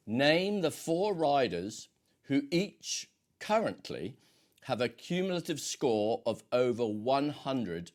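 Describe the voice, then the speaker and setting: A man hosting a casual quiz, rambling along with many hesitations and fillers. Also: mid-range voice. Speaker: quiz host.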